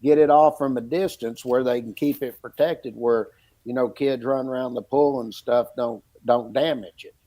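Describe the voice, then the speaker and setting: A man's voice: mid-range voice, steady tone, normal speed, dark tone, no echo, low-quality recording. A middle-aged man, telling a story in a casual, folksy way and acting out what each person said. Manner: folksy, retells dialogue with repeated "he goes" and "I said". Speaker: podcast guest, former electrical inspector.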